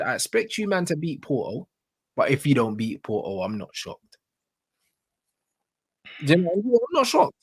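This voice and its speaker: A man with a London accent rants about football in loose, slang-heavy talk. He drives his points home and repeats them with conviction. His voice sits a little high for a man. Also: a bit bright, slightly rough. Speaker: football pundit. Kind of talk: casual football rant.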